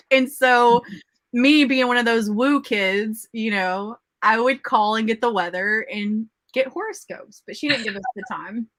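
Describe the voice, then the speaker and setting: A woman's voice: on the high side, fairly bright tone, no room sound. A woman in her thirties hosting a casual writing livestream, chatty and nostalgic, laughing often. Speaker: livestream host.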